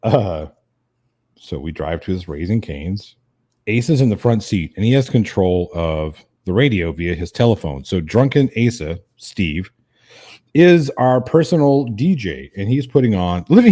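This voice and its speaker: A man's voice: fairly low pitch, dry recording, studio quality. A man hosting a casual stream, telling a rowdy story with lots of swearing and laughter. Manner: animated, profane, laughing storyteller. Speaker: host.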